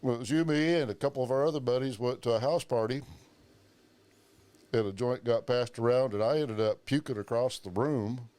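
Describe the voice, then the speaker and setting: A man's voice: medium pitch, brisk, a little mellow, clear, resonant tone. A man hosting a podcast, telling profane stories in casual chat and acting out the voices of the people he quotes. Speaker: podcast host.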